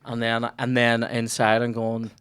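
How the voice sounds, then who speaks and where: A man's voice: mid-range voice, monotone, measured pace, fairly bright tone, clear, resonant tone, no room sound, clean studio sound. A young Northern Irish man tells a long, rambling story as the host of a casual chat. He swears freely, restarts his sentences and keeps a middling voice. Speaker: comedian podcast host.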